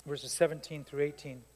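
A man preaching a sermon as pastor, telling stories in an animated way that builds to fired-up peaks. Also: a little high, measured pace, slightly rough. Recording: long hall reverb.

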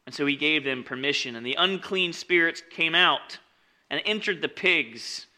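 A man preaching a casual sermon, reading scripture aloud and explaining it conversationally, with lots of "like" and "right?" asides, swinging between loud emphasis and quiet lowered asides. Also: expressive, moderate pace.

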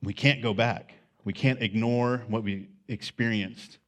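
A man's voice: mid-range voice, fairly even intonation, measured pace. A man preaching as a pastor, talking loosely and conversationally with many fillers as he works through his point. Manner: conversational, unscripted, with frequent fillers. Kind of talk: sermon.

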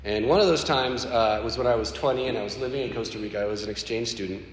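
A man sharing a personal faith story in an animated, conversational way. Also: medium pitch, fast. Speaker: speaker sharing a personal testimony. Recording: echoey hall with faint background noise.

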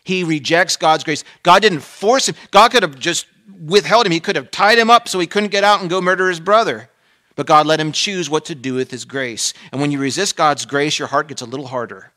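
A man preaching a sermon, dropping to a hush and then rising to emphatic peaks, acting out the people he quotes. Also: a little high, brisk. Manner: swings between hushed and emphatic, acts out quoted voices. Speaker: pastor.

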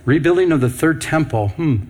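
Middle-aged male preacher, slightly high voice, quizzes the congregation with rhetorical questions. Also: expressive, brisk, darkish tone. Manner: asks rhetorical questions to the audience, reads news headlines aloud. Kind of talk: prophecy teaching sermon.

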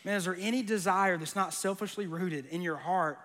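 A man's voice: sits high, brisk, fairly bright tone, long reverb tail. A man preaching a sermon, conversational and joking, with bursts of emphasis. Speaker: pastor.

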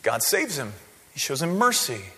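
A man preaching a sermon in a church, conversational and animated, often checking in with "right?". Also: a little high, normal speed. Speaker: pastor. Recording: long hall reverb.

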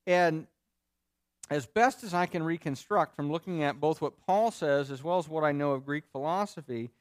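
A man's voice: on the high side, moderate pace, no echo, studio quality. A man preaching a sermon in an earnest, explanatory way, reading scripture and then unpacking it for the congregation. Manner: earnest, explanatory, with vivid mock voices for quoted speakers. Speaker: pastor.

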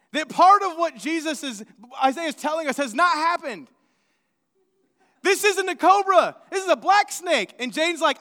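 A man preaching a sermon as pastor, telling stories animatedly and acting out quoted voices. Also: very high voice. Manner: storytelling, animated with acted-out quotes. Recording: long hall reverb.

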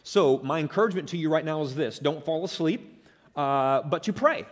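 A man's voice: a little high, animated, normal speed. A man preaching a sermon as pastor, earnest and emphatic, stressing key words and leading the congregation in prayer. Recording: long church reverb.

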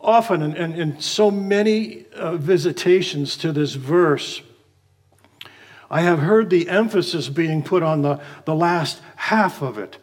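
A man preaching a morning sermon in a measured way, slowing down when he reads scripture aloud. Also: on the high side. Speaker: pastor.

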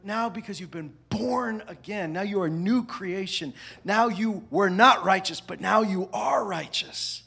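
A man preaching with a fairly high, husky voice. He swings between loud, punchy lines and hushed, almost whispered asides, keeping the sermon lively and conversational. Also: a little slow, few pauses. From parents from the American South. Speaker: pastor.

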